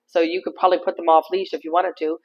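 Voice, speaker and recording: Fast-talking chatty woman vlogger, lo-fi sound. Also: fairly low pitch. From Canada. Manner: chatty, animated, laughs easily. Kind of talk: casual vlog storytelling.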